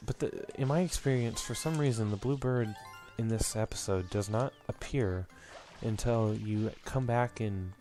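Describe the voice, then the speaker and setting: A man's voice: on the low side, moderate pace, hardly any pauses, warm tone, faint music behind. A young man hosting a let's play, rambling and reminiscing through his commentary with lots of fillers, a bit out of breath.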